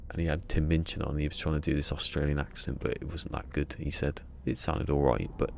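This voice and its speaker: A man chats casually on a game stream, wandering from topic to topic and poking fun at himself. His voice is low and gravelly. A faint hiss sits under the desk mic. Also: steady tone, fairly quick, darkish tone. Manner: rambling, self-mocking banter. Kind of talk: casual live-stream chat.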